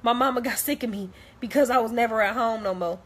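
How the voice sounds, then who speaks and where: A woman's voice: on the high side, fast talker, fairly bright tone. A young woman talking straight to camera, blunt and heated, repeating herself as she vents. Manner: blunt, repetitive, heated, profane. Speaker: vlogger. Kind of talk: direct-to-camera rant.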